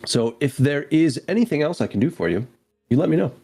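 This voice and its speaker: A man's voice: a little high, sing-song, a little fast, dark tone, breathy edge, pitched above the performer's own voice, heavily acted. Man putting on a friendly innkeeper lady, raised voice, teasing and kind. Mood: kindly. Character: kind female innkeeper, warm and chatty.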